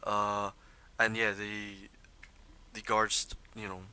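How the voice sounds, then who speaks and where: Man with a bright, tense voice. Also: fairly low pitch, slow, smooth. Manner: relaxed, rambling description full of fillers. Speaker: game master. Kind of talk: narrating a tabletop game.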